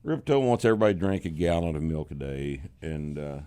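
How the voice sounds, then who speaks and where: A man's voice: very deep voice, sing-song, quick pace, mellow, clear, resonant tone. A man with a slight Texas accent, hosting a casual chat in a blunt, mocking way and laughing often. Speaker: podcast host.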